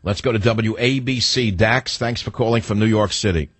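A man's voice: on the low side, normal speed, fairly bright tone, breathy edge, dry recording. A man hosting a political talk radio show, blunt and opinionated, rambling with restarts as he takes callers. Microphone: studio microphone.

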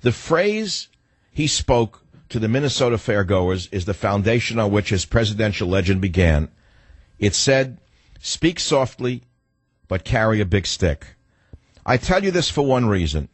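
A man's voice: on the low side, big pitch swings, moderate pace, breathy edge, no echo. A man hosting a political talk radio show, blunt and opinionated, rambling with restarts as he takes callers. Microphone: studio microphone.

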